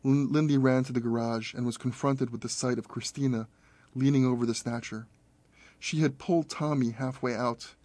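Audiobook narrator: man, measured and steady, mid-range voice, close dry recording. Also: mid-range voice, no echo.

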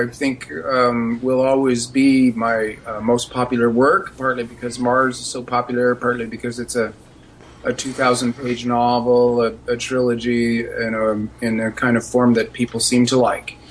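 A middle-aged man, an author being interviewed on radio, answering in a measured, thoughtful way. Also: mid-range voice, little pitch movement, a bit bright, slight background noise, poor audio. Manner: measured, thoughtful, with some fillers. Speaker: author guest.

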